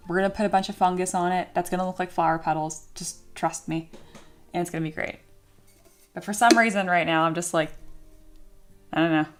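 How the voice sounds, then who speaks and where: A woman hosting a casual livestream, chatting with her viewers, reading their comments aloud and cheering them on. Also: on the low side. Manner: upbeat and encouraging toward viewers. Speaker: livestream host and 3D sculptor.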